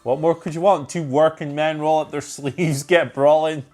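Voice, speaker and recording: A man chatting as a podcast guest, joking and excitable with frequent laughs. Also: a little high, normal speed, faint music behind. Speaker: co-host guest. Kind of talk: casual podcast chat.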